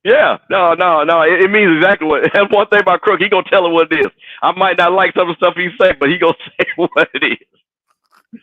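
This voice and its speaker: Animated man on a tinny line. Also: sits high, fairly quick, dry recording. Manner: animated, teasing, laughs often. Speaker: co-host. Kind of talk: casual sports chat.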